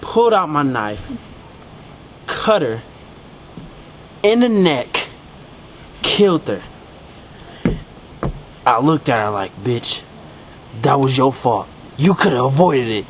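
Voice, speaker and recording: A man's voice: medium pitch, big pitch swings, takes it slowly, long pauses, slight background noise, poor audio. A man playing a swaggering crude young killer. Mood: boastful. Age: young adult. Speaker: student actor in a parody sketch. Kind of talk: comic confession monologue.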